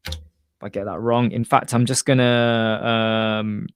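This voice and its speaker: A man's voice: medium pitch, level tone, slow, clean tone. A man hosting a casual live web chat, answering viewers by name in a chatty, joking way. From United Kingdom.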